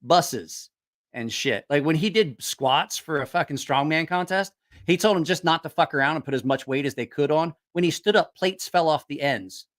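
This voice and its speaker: A man casually telling profane, animated stories, acting out other people's voices. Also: a little high, normal speed. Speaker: host. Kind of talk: casual storytelling.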